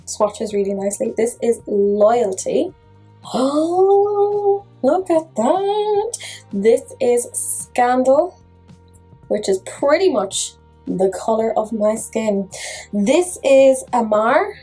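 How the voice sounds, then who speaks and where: A woman's voice: a little high, expressive, slow, mellow, breathy edge, faint music behind, rough recording. Chatty woman reviewing makeup. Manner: chatty, self-mocking humor. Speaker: makeup vlogger.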